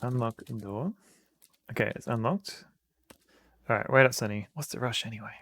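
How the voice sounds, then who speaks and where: A man's voice: mid-range voice, moderate pace, a bit bright, dry recording. An Australian man streaming an old adventure game, joking around and reading the game's text aloud into a desk mic. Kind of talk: casual let's-play commentary.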